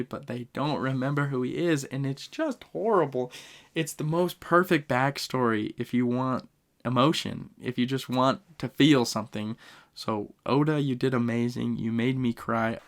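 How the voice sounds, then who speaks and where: A young man hosting a casual podcast, retelling sad scenes in an animated, emotional way with frequent laughs. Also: medium pitch. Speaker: podcast host.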